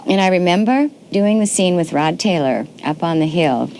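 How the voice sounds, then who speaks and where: An actress interviewed for a documentary, candid and animated, with playful asides. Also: female voice, lowish voice, normal speed, slight background noise. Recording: music playing under the voice.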